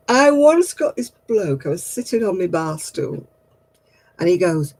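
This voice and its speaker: Woman, husky voice, mellow tone, chatty storyteller, laughs at herself. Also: fairly low pitch, rough recording. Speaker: livestream craft host. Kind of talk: casual chat.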